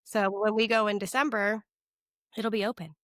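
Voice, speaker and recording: A woman's voice: mid-range voice, steady tone, normal speed, fairly bright tone, no echo. A woman co-hosting a podcast while sick, her voice stuffy and nasal, rambling with lots of "like" and restarts. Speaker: podcast co-host. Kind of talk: casual chat.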